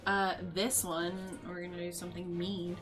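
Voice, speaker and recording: A woman playing a tabletop game, excitable and quick to laugh, reading rules aloud. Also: on the low side, faint music behind. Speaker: player.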